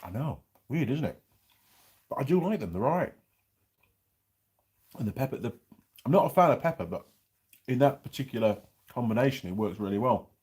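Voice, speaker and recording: Lively chatty middle-aged man. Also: mid-range voice, brisk, pauses often. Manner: chatty, rambling, reads out viewer comments while eating. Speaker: channel host reviewing pies. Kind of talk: casual live-chat vlog.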